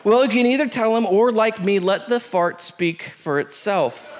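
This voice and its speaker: Guy with a pretty high voice reading a funny story out loud, keeps cracking up. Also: moderate pace. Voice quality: animated, breaks into laughter, shouts out the quoted lines. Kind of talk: comic storytelling read aloud.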